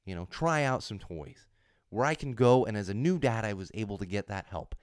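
A man in his thirties with a hoarse voice from a cold, hosting a podcast in a casual, rambling monologue with lots of restarts and emphatic repeats. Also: fairly low pitch, lively intonation, brisk, dry recording, clean studio sound. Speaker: podcast host.

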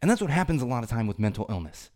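A man's voice: mid-range voice, sing-song, rapid-fire, a little mellow, no room sound, clean studio sound. A man hosting a solo podcast, talking in a rambling way with restarts and fillers, and getting more emphatic when he stresses a point. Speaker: podcast host.

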